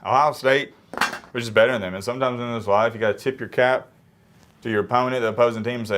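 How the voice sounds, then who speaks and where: A young man with a cold giving casual, low-energy sports commentary to camera, sometimes moving away from the mic. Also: fast talker, fairly bright tone. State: sick, congested. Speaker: sports reaction YouTuber.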